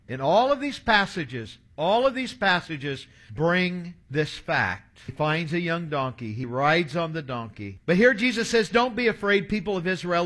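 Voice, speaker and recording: A man's voice: fairly high pitch, fairly bright tone. A man in his sixties preaching a sermon, telling stories and reading scripture aloud in an earnest way. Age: 60s. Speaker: pastor.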